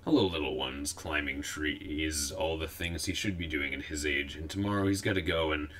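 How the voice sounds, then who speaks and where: A man voicing a smug, gossiping young female squirrel with a squeaky, prim voice. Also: normal speed, a bit bright. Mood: chattering.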